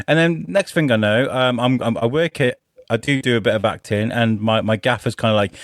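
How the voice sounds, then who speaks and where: A man's voice: medium pitch, brisk, no echo, clean studio sound. A man hosting a podcast from his bedroom, chatty, jokey and self-deprecating. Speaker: podcast host. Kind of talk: casual interview chat. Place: home bedroom.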